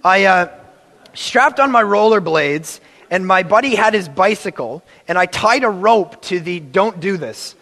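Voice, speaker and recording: Male preacher, high voice, animated storyteller, acts out quotes, reverberant hall. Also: measured pace. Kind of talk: sermon with personal story.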